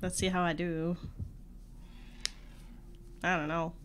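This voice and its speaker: A woman's voice: lowish voice, flat delivery, slow pace, fairly bright tone, slight background noise. A woman streamer chatting casually while playing a video game, self-deprecating and laughing often. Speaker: gaming streamer. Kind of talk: casual gameplay commentary. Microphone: podcast microphone.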